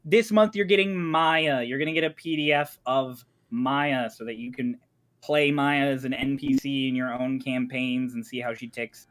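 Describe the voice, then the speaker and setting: A man running a tabletop game as game master, chatting about merch and then narrating the opening in a measured dramatic way. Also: mid-range voice, steady tone, fairly bright tone.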